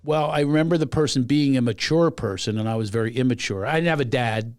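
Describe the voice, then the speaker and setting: A middle-aged man from Philadelphia hosting a podcast, telling stories in a lively, animated way and quickly agreeing with his guest. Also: mid-range voice, no room sound, studio quality. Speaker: podcast host. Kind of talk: casual conversation.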